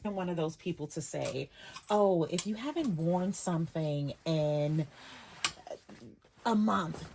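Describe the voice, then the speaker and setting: A woman's voice: on the low side, darkish tone, a little hiss or hum. A woman vlogger and personal stylist chatting casually while sorting clothes in her dressing room, emotional and chatty. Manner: chatty, emotional, choking up at times. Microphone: camera off, voice only.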